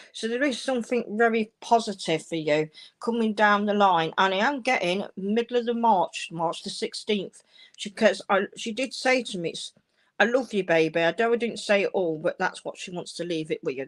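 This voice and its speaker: A woman's voice: medium pitch, moderate pace. Woman giving a reassuring psychic reading. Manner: warm, reassuring, uses endearments like darling and my love. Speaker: medium giving live readings. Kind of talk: live-streamed psychic reading.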